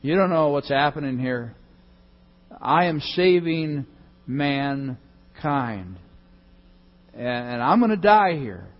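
A man voicing a triumphant, defiant savior who boasts loudly at his mockers. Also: high-pitched, big pitch swings, slow, hardly any pauses, breathy edge, big-room sound, highs cut off, voice pushed up, exaggerated voice. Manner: loud, boastful, punchy.

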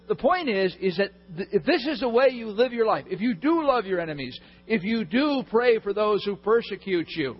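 A man's voice: high-pitched, breathy edge. A man preaching a sermon in a conversational way, putting questions to the congregation. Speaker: pastor. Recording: echoey hall, dull lo-fi sound.

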